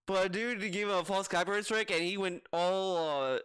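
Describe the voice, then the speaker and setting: A man giving relaxed, joking commentary on a clip he is reacting to. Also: sits high, fairly quick, hardly any pauses, smooth. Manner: laid-back, joking. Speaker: commentary youtuber.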